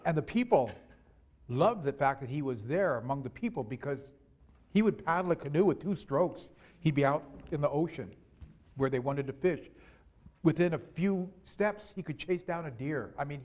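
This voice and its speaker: A man telling a traditional story aloud to an audience, unhurried and repeating words for emphasis. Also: on the high side, a little mellow. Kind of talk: oral storytelling to a live audience.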